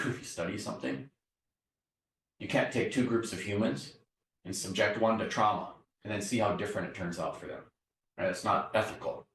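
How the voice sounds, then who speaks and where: Male university lecturer, lowish voice, explanatory classroom delivery, echoey room, mic at a distance. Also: fairly bright tone. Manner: explanatory, checks in with the class by asking "right?".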